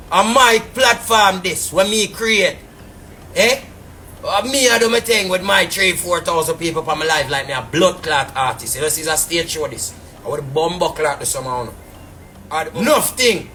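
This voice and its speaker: Ranting casually and indignantly on a live stream, a businessman with a Jamaican patois accent tells his side, rambling and leaning on repeated fillers. His pitch is fairly high and his tone bright and forceful, with slight background noise.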